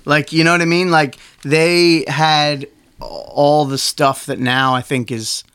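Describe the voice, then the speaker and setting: A man in a casual podcast chat, relaxed, explaining things slowly and at length. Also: on the high side, smooth. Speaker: podcast guest.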